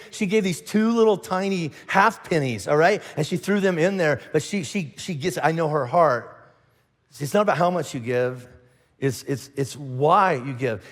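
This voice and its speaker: A middle-aged man preaching a sermon, telling stories with animated asides and frequent restarts, in a large church auditorium. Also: fairly high pitch. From Indiana. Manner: animated storytelling with lots of restarts and acted asides. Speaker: pastor. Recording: long hall reverb.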